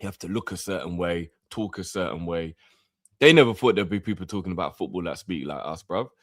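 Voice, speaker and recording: A man co-hosting a casual football chat, speaking in relaxed street slang. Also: low-pitched, fairly quick, dry recording, studio quality. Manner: laid-back slang, animated when mocking critics. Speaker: co-host of a football channel.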